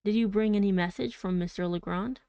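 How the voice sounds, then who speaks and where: A woman reading the lines of a polite, curious gentleman narrator who asks questions in a formal way. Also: mid-range voice, brisk, clean tone, no room sound, lightly acted. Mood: inquiring. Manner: formal, inquiring. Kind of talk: audiobook reading.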